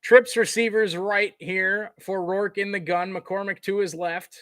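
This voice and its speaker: Man, play-by-play commentator, casual, crisp bright tone, fairly high voice, dry close mic. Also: measured pace, no echo. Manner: conversational, fillers, gets excited on big plays. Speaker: live game commentator.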